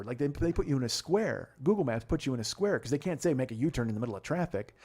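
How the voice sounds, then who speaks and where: A middle-aged man hosting a podcast, telling a long profane story in a rambling, animated way. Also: mid-range voice, quick pace, hardly any pauses, slightly rough. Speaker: podcast host. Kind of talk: storytelling monologue.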